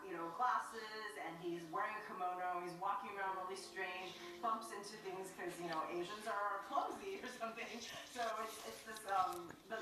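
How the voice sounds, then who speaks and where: A woman giving a documentary interview, conversational and animated, with frequent fillers. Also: medium pitch. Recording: echoey, distant, noisy.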